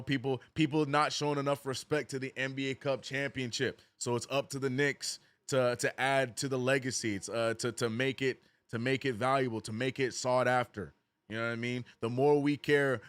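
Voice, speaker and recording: A man calls a game for his stream audience in a loose, slangy way, saying bro and man often. His voice sits in a middle register but shoots up on big plays and drops low and quiet when he reads chat. The sound is dry and close. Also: no room sound. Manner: casual slangy talk, says bro and man. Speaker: watch-along streamer. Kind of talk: live play-by-play with chat shout-outs.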